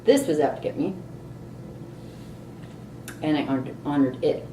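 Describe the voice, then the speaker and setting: A middle-aged woman vlogging a candid personal story, animated and exasperated at times. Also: sits low, unhurried, slight background noise. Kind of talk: personal reflective monologue. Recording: roomy echo, distant mic, faint ambience.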